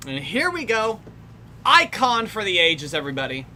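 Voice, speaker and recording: A woman's voice: mid-range voice, sing-song, moderate pace, sharp tone. A young woman giving casual, wry commentary over a film, laughing often and trailing off mid-sentence. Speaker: commentary host. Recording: faint background noise.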